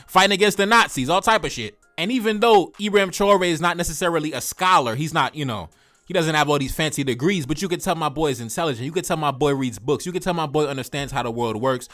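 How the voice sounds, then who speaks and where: A man riffs through a casual reaction commentary, animated and slangy, leaning hard on repeated phrases. His voice sits a little high for a man, and faint music plays under his talk. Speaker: YouTube reaction host.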